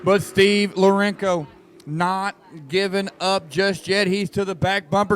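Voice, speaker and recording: A man calling a dirt track race live, excitable and joking with the crowd. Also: high-pitched, normal speed. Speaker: race announcer. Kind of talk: live race commentary over a PA.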